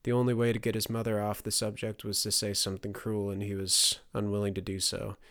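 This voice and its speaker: A man narrating a fantasy audiobook in a steady storytelling delivery. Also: lowish voice, a little fast.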